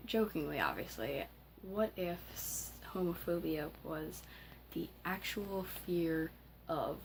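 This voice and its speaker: A teenage girl ranting casually to camera as a vlogger, halting, with many fillers and restarts. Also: fairly low pitch, creaky, slight background noise, poor audio. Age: teens.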